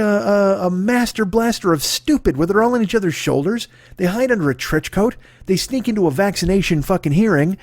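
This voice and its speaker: A man's voice: very high-pitched, a little mellow, no echo. A man hosting a comedy podcast, ranting solo, profane, with stammering restarts. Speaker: podcast host.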